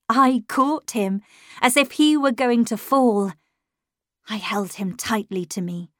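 Slow, expressive woman reading a ghost story. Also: mid-range voice, no room sound, clean studio sound. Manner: measured and expressive, dramatic at tense moments. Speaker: audiobook narrator. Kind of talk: scripted first-person audiobook narration.

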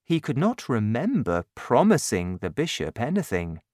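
Brief: slow storybook narrator, lively pitch, dry close sound. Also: no echo. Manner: slow, expressive, clearly paced reading.

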